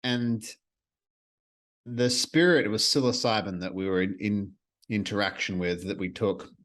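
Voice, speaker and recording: A man's voice: fairly low pitch, moderate pace, a bit bright. A man hosting a solo podcast, talking earnestly and reflectively in a casual way, with the odd swear word. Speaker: podcast host.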